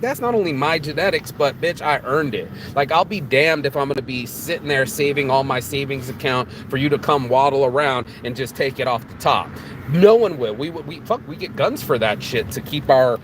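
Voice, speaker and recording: A man's voice: a little high, slight background noise. A man giving a casual motivational monologue outdoors. He speaks bluntly, swears freely and hammers his points home by repeating them. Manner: blunt, profane, preachy, repeats himself. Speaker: motivational vlogger.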